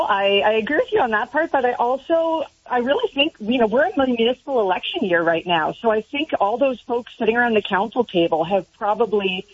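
Husky woman on a phone line. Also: medium pitch. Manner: thoughtful, steady, with many "you know" fillers. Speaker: transit advocate guest. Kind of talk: radio interview.

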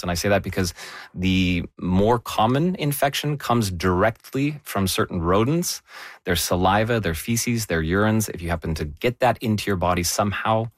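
A man's voice: fairly low pitch, dry recording, clean studio sound. A man explaining health news in an emphatic, conversational way.

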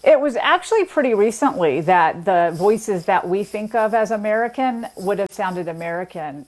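A woman speaking as a linguist guest, explaining in a measured conversational way with the odd filler. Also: mid-range voice, animated, a little mellow.

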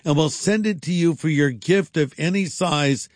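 A man's voice: fairly high pitch, moderate pace, a little mellow, dry recording, studio quality. A man reading a scripted radio ministry announcement in an earnest, encouraging way.

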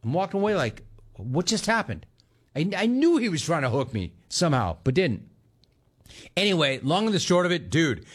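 A man hosting a sports call-in show, talking in a brash, joking way. He ribs callers and calls them dude. His voice sits in a middle pitch. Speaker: sports talk radio host.

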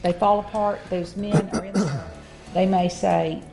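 A woman's voice: medium pitch, fairly even intonation, measured pace, vocal fry, over music. A woman co-hosting a faith-based marriage talk, speaking earnestly with frequent fillers and restarts. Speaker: co-host of a Christian marriage talk. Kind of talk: casual faith-based chat.

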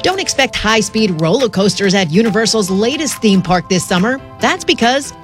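A woman business reporter delivering a radio news report in a crisp manner. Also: medium pitch, expressive, moderate pace. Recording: music bed under voice.

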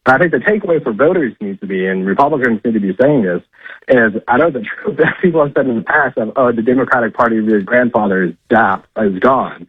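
Speaking fast and expressively in a mid-range, breathy voice, this political correspondent phones in his commentary. The line is tinny with no echo, and he keeps the talk casual, leaning on "uh" and "I mean" a lot.

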